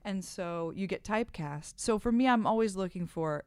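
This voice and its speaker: A middle-aged actress, a guest in a podcast interview, telling animated, self-deprecating stories from the stage. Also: female voice, medium pitch, normal speed, smooth, dry recording, clean studio sound. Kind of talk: conversational interview.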